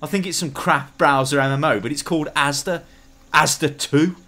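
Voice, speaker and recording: A man's voice: on the high side, steady tone, moderate pace, pushed and bright. A man commentating an esports match on a headset, joking and rambling in casual banter. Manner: jokey, rambling, teasing.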